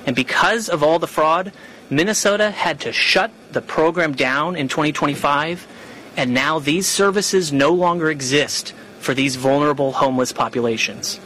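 A man's voice: fairly high pitch, normal speed, fairly bright tone, slight background noise, poor audio. A man, a government official, reading a prepared statement at a press conference in a formal, emphatic way.

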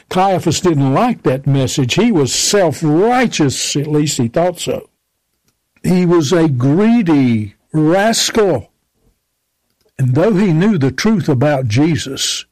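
A man's voice: on the high side, a little mellow, no room sound, poor audio. A man preaching a sermon, emphatically quoting and explaining scripture.

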